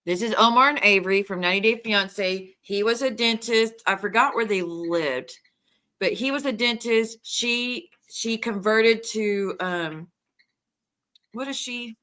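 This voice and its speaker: A woman hosting a stream, retelling gossip in a rambling, animated way with many restarts. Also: mid-range voice, unhurried. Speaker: livestream host. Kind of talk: casual gossip chat.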